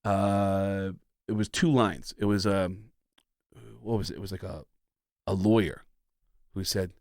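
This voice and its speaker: A male comedian guest telling stories in a casual, animated way, slipping into voices as he goes. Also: low voice, unhurried, pauses often, no echo, studio quality. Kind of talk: casual storytelling.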